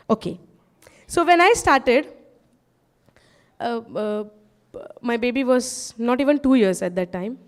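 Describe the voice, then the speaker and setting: A high-pitched woman preaches to a congregation and tells her testimony. She keeps calling out to the crowd for answers, then turns quiet and low in her personal asides. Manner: asks the crowd "yes or no?", drops low and soft in asides.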